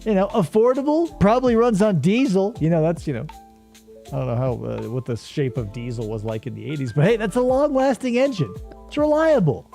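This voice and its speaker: A man with a slightly high voice that rises and falls widely as he jokes and swears through a casual livestream. Faint background music plays behind him. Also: sing-song, brisk, vocal fry, dark tone. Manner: jokey, profane, does mocking voices. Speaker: streamer host.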